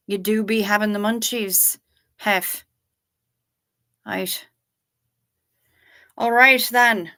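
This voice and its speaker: Woman, livestream host, bright voice, casual rambling chat, sleepy, at home. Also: medium pitch, clear, resonant tone. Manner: chatty and rambling, often trails off. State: sleepy, keeps yawning. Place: at home, in her chair.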